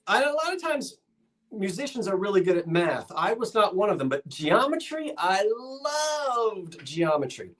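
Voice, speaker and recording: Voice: medium pitch, sing-song, a little slow, a bit bright. Rambling chatty live-sale host. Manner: rambling, chatty, self-deprecating asides; reads viewer comments and runs countdowns. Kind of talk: casual live-stream selling chat. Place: shop, indoors.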